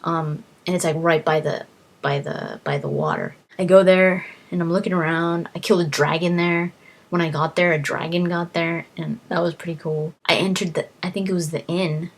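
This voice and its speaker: A woman's voice: fairly low pitch, normal speed, creaky. A woman casually recounting a video game adventure, rambling with lots of fillers and restarts. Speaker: gaming vlogger.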